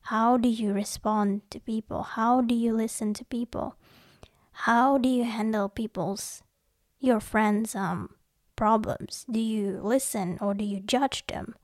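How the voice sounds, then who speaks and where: A woman's voice: fairly high pitch, fairly even intonation, unhurried, darkish tone, no room sound, clean studio sound. A young woman talking casually to her viewers, chatty and giggly, often acting out little scenes. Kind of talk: casual personal talk to viewers.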